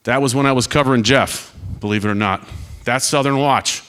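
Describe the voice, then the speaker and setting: A man's voice: mid-range voice, fairly quick, fairly bright tone, clean tone. Earnest retiring airman giving a talk. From United States. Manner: earnest, direct and storytelling, with wry asides. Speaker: panel speaker, retiring Air Force officer. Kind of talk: speech to students with slides.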